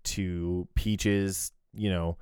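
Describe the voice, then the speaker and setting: Extremely slow and low, with little pitch movement and a darkish yet clean tone, this man's voice is captured in clean studio sound without room sound. He co-hosts a podcast, chatting casually and rambling with many fillers, restarts, and frequent laughs.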